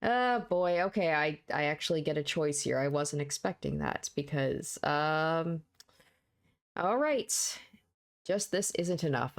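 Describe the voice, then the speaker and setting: A woman's voice: low-pitched, expressive, normal speed. A woman reading a visual novel aloud, narrating steadily and breaking into candid asides. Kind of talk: game read-aloud with commentary.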